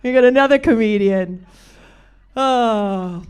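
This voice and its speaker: A middle-aged British woman from Britain performing a stand-up set, deadpan and bawdy. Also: on the high side, slow, smooth. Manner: dry, deadpan delivery with bawdy jokes. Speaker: stand-up comedian.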